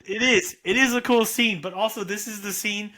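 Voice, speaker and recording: A man co-hosts a casual podcast about a horror movie, with a voice a bit higher than most men's. He stumbles and restarts his sentences as he adds his thoughts, and he chimes in with agreement. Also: steady tone, moderate pace, sharp tone. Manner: stammering restarts, frequent agreeing "yeah". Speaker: podcast co-host.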